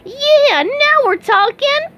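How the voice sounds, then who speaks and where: Woman reader as high squeaky young cartoon sponge man, hyper, loud. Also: lively intonation, takes it slowly, dull audio, exaggerated voice. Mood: ecstatic. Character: excitable squeaky young male sea sponge.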